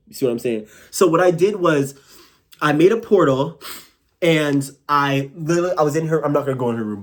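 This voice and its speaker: A young man casually telling a long personal story to camera, animated and rambling, full of "like" and "bro". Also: mid-range voice. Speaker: vlogger.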